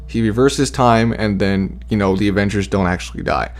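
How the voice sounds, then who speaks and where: A man's voice: lowish voice, normal speed. A man casually sharing fan theories, rambling with many fillers and the odd swear word. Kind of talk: casual chat.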